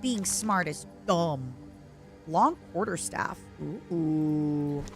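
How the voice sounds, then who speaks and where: A woman streamer chatting casually while she plays, excitable and giggly, breaking into squeals. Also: fairly high pitch, moderate pace, faint music behind. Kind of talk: casual live-stream chat while gaming.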